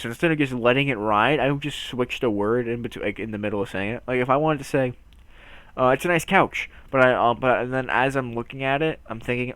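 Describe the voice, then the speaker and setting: A man's voice: mid-range voice, fast, fairly bright tone, dry recording. A young man rambling through a casual video, goofy and self-mocking, often stumbling and restarting his words. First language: English. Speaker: video host.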